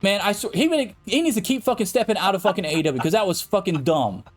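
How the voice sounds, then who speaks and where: A man's voice: high-pitched, lively intonation, fast, soft background music. A man co-hosting a podcast, ranting in a heated, profane and emphatic debate. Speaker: podcast co-host.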